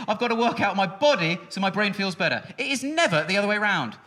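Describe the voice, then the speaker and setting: A man in his thirties doing a stand-up comedy set on a music hall stage, talking in a quick, sardonic way with sudden high outbursts. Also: expressive, sharp tone. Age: 30s. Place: music hall stage before a live audience.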